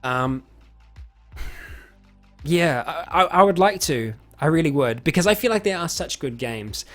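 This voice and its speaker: A man's voice: fairly high pitch, expressive, measured pace, a bit bright, faint music behind. A man chatting casually on a live stream, answering viewer questions with lots of fillers, restarts and chuckles. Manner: rambling, many fillers and restarts, chuckles often.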